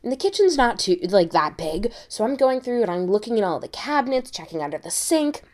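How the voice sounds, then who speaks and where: A young American woman hosting a podcast, telling a travel story in an animated way with many quick restarts. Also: fairly high pitch. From United States. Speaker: podcast host. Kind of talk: casual storytelling.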